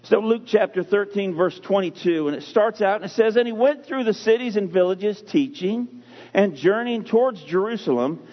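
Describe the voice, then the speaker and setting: High-voiced husky preacher in an echoing hall. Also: male voice, lively intonation. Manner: emphatic preaching with dramatic pauses and repetition. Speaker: pastor. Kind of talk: sermon. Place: church sanctuary. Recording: muffled lo-fi sound in a reverberant hall.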